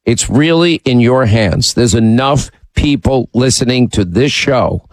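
A man hosts a talk radio show, holding forth in emphatic, opinionated runs and ribbing his callers. His voice sits at an ordinary male pitch, close and dry in a studio booth. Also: expressive, measured pace, no echo, low-quality recording. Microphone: studio mic.

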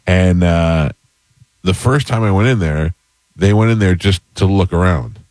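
A man's voice: sits low, unhurried, dry recording. A man hosting a chat show, telling a long personal story in a casual, rambling way with self-deprecating jokes. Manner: rambling, animated anecdote with self-deprecating humor. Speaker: podcast host.

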